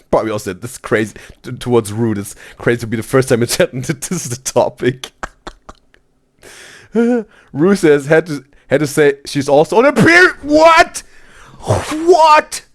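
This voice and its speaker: Animated man reading out stream chat. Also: medium pitch. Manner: animated, exclaims "bro" constantly, laughs often.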